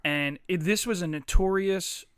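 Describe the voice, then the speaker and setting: Bright-voiced man telling stories. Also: sits high, normal speed, clean tone, no echo, clean studio sound. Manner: profane, rambling, laughs often. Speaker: podcast co-host. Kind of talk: casual storytelling chat.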